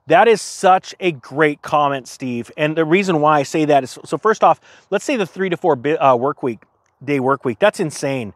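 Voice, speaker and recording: A chatty man hosts a casual morning vlog, reading viewer comments and reacting with self-deprecating asides. His voice sits a bit high for a man. The sound is dry and close, with no room in it. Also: animated, moderate pace, no echo. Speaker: vlogger host. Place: outdoors at sunrise.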